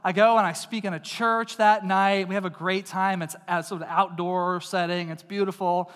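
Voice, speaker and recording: Male preacher from East Texas, high voice, casual and jokey, big echoing hall. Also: steady tone, moderate pace, fairly bright tone. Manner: casual, jokey, addresses the crowd directly. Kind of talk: conversational sermon with personal stories. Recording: long reverb of a large hall.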